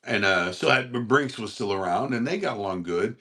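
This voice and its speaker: A man hosting a casual livestream, rambling and laughing as he answers chat and talks to his dog in a high sing-song voice. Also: animated, fairly quick, bright, forceful tone.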